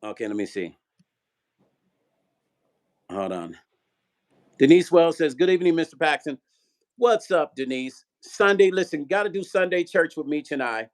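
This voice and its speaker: A man's voice: fairly high pitch, lively intonation, measured pace, long pauses. A man hosting his own music vlog in a casual livestream chat, reading viewer comments aloud and greeting them.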